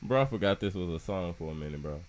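A man hosting a reaction video, talking in a casual, excitable way full of slang and constant "bro". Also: sits low, quick pace, over loud music.

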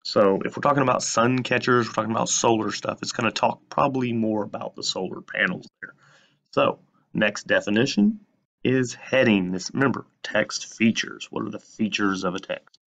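A male teacher giving a recorded lesson, who asks questions and then answers them himself with slow emphasis. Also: lowish voice, creaky, fairly bright tone.

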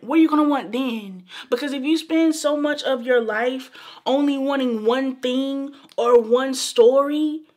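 A young woman talking earnestly to camera in a vlog, emphatic and repetitive, calling her viewers baby and y'all. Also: sits high. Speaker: beauty vlogger. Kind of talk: casual heartfelt talk to camera.

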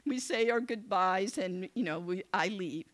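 A woman giving a motivational speech to young people, telling a story in an animated, conversational way and acting out the dialogue. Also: medium pitch, measured pace. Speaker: keynote speaker. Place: event venue.

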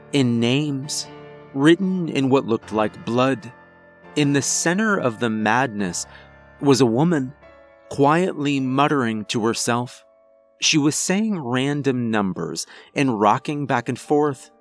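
Slow, grave male horror narrator. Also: mid-range voice. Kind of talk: scripted first-person horror narration.

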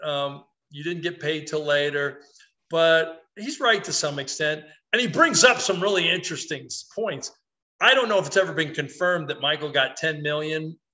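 A middle-aged man hosting a casual sports talk podcast, animated and rambling, poking fun at himself. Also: on the high side, moderate pace. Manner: animated, rambling, self-mocking. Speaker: podcast host.

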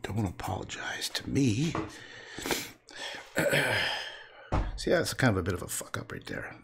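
A man's voice: on the low side, wildly swooping pitch, unhurried, vocal fry, noisy background. Guy painting on a stream, mutters and swears at his own work, voice jumps all over the place. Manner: self-mocking, swearing, muttering and half-whispering to himself. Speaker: artist livestreaming a painting. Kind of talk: casual running commentary while painting.

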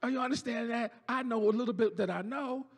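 Raspy, high-pitched preacher man shouting. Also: quick pace. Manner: preaching with shouted, sung-out climaxes and dropping to quiet asides. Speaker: pastor. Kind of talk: sermon. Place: church sanctuary. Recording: church hall reverb with faint organ music.

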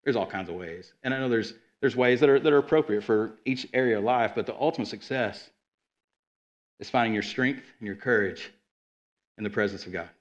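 A man preaching a sermon as a guest speaker, with energetic, conversational delivery and quick asides. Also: lowish voice, muffled recording. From Arkansas. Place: church sanctuary.

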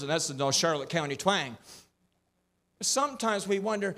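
A man's voice: on the high side, animated, moderate pace, pauses often, bright, forceful tone. A male pastor, preaching a folksy sermon with rhythmic repeated refrains.

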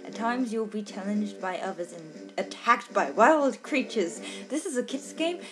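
A woman's voice: medium pitch, animated, a little slow, over music. A woman doing casual let's-play commentary, rambling and giggly, with lots of fillers and casual swearing.

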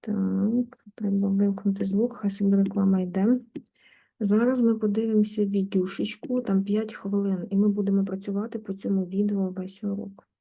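Husky gravelly woman teacher. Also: medium pitch, little pitch movement, moderate pace, warm tone, poor audio. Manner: chatty, talking to herself while setting up. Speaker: English teacher. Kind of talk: casual online lesson.

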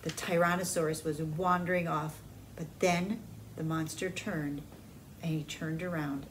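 A children's librarian reading a storybook aloud to kids in a friendly, casual way. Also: female voice, low-pitched, steady tone, measured pace, a little hiss or hum, rough recording.

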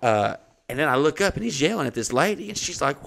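Speaking fast with vocal fry and a pitch on the high side, this comedy podcast host spins a lengthy story. Profanity flows freely as he animatedly voices the other characters involved.

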